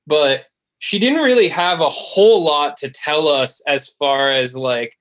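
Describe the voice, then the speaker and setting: A man's voice: fairly high pitch, a little slow, a bit bright. Male guest on a video call, anecdotal and chatty. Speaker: sound editor guest. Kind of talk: casual panel Q&A over a video call.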